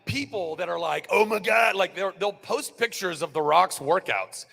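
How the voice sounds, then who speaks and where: Animated high-pitched man rambling to fans. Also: moderate pace, vocal fry, in a large hall. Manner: animated, rambling, swears, laughs, goes loud and high. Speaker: actor on a fan convention panel. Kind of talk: freewheeling panel talk to fans. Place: fan convention panel.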